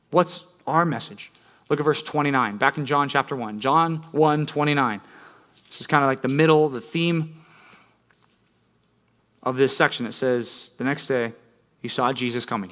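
A pastor with a medium-pitched, fairly bright voice preaches a sermon conversationally. He often checks in with "right?" and builds intensity as he tells stories.

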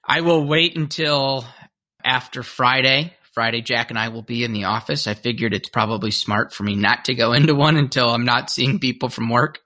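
A man co-hosting a podcast, talking in relaxed casual chat. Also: mid-range voice, normal speed. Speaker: podcast co-host.

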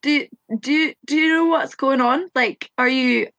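A woman's voice: high voice, unhurried, a bit bright, no echo, lo-fi sound. A woman improvising an overconfident actress who rambles in stammering questions. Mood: flustered. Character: overconfident dramatic female actress, nervous questioning. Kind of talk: improv comedy scene.

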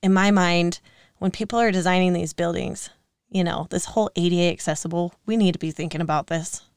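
Woman, 30s, podcast co-host, candid and emotional storytelling, smooth voice, dry sound. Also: on the low side, fairly even intonation, dry recording. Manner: emotional, earnest, quick to laugh.

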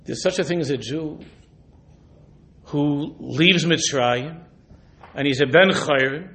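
A man, a rabbi, giving a Torah lecture who mixes Hebrew and Yiddish terms into his English and presses his listeners with rhetorical questions. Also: fairly high pitch. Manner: drops to a hushed, intimate voice when retelling a story. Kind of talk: sermon.

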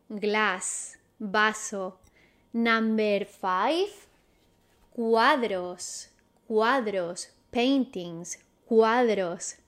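A woman teaching a vocabulary lesson, repeating each word slowly and quizzing the listener in a patient, encouraging way. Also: mid-range voice, fairly bright tone. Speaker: Spanish teacher. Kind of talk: slow, clear vocabulary lesson.

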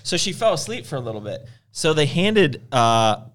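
A man's voice: fairly high pitch, sing-song, moderate pace, a bit bright. Chatty man telling rambling stories. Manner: rambling storyteller, acts out quoted voices. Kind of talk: casual chat.

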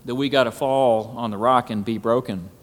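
A man preaching a sermon at a symposium, often pausing on "Amen" and building to emphatic, climbing phrases. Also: medium pitch, fairly even intonation. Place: hall at a symposium. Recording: echoey hall.

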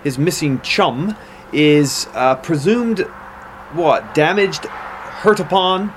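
A man co-hosts a podcast in casual chat, wry and joking as he retells a story. His voice sits a little higher than most men's. A faint hiss runs under the recording. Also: slow pace. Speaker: podcast co-host.

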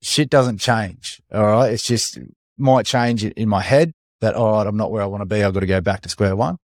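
An energetic Australian man hosting a casual podcast interview, talking bluntly with some swearing and calling his guest mate. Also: lowish voice, normal speed, no echo. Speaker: podcast host.

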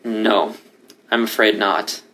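A man voicing a gentle, somber male lion in a calm, even tone. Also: on the low side, slow. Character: solemn male lion come to take a dying friend.

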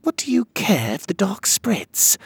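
A man's voice: high-pitched, huge pitch swings, a little slow, husky, no echo, voice pushed up, heavily acted. A man voicing a cold, scornful fairy queen who speaks with menace.

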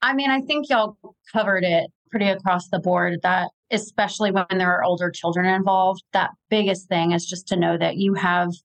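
A woman's voice: on the low side, fairly even intonation, moderate pace, low-quality recording. A woman, giving practical advice in a casual conversation. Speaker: podcast guest.

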